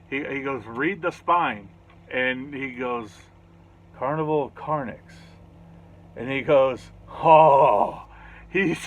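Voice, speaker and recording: Dude rambling and cussing about his weekend, mid pitch, kinda muffled lo-fi sound. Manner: rambling, profane, excitable storytelling. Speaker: vlogger reviewing a festival. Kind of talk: casual recap monologue. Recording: slightly dull lo-fi audio with faint noise.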